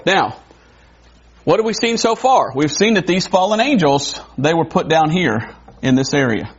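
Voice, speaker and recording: A man preaching a sermon in a conversational way, wondering aloud and adding quick asides. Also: fairly high pitch, expressive, breathy edge. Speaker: pastor. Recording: dull lo-fi recording.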